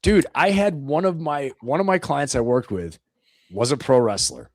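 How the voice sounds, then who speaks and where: A middle-aged American man chatting on a livestream, telling lively stories with frequent laughter. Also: medium pitch, moderate pace, no echo. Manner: animated storyteller, laughs often. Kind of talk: casual livestream chat.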